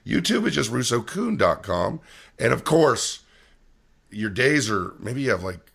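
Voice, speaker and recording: A man's voice: mid-range voice, big pitch swings, measured pace, gravelly, fairly bright tone, slightly rough. A man co-hosting a podcast, reading out show plugs and asking the questions in an upbeat way. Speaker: podcast co-host. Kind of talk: casual podcast talk, show promos.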